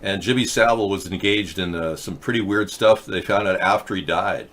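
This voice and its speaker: Low-voiced man rambling on a talk show. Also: fairly quick, a bit bright. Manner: chatty, thinks aloud with many fillers. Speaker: host of a political talk show. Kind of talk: rambling casual commentary. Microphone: webcam or desk mic for a video chat.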